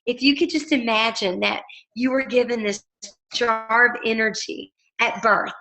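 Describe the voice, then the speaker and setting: A woman with a bright, slightly high voice chatting through a weekly book discussion. She tells stories casually and animates her voice for every quote. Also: steady tone, a little slow, low-quality recording. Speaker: book study group leader.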